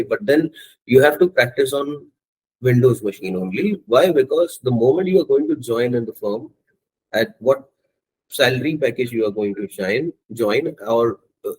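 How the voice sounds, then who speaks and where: A man teaching a software testing course, walking students step by step through setting up Java and often checking in with "okay" and "right". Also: medium pitch, husky, low-quality recording. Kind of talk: screen-share coding tutorial.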